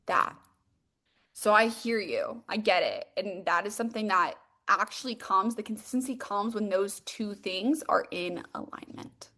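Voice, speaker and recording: A young woman coaching on a live stream, bubbly and excitable, peppering her talk with "like.". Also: mid-range voice, measured pace. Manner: bubbly and excitable, heavy use of "like". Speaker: manifestation and mindset coach.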